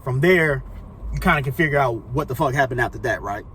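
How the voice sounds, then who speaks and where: A man's voice: mid-range voice, lively intonation, fast talker, fairly bright tone, a little hiss or hum. A young man telling a casual storytime monologue, rambling and profane, full of slang fillers. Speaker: storyteller vlogger.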